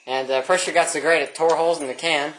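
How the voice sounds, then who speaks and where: A woman chatting casually outdoors while setting off fireworks, excitable, swearing and laughing often. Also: deep voice, fast talker. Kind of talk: casual chat. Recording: echoey, from off-mic, loud firework noise.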